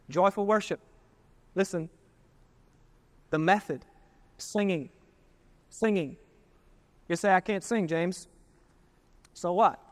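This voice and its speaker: A male pastor preaching a sermon, emphatic, with drawn-out words, loud swells and folksy asides. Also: sits high. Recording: archival 1992 sermon recording.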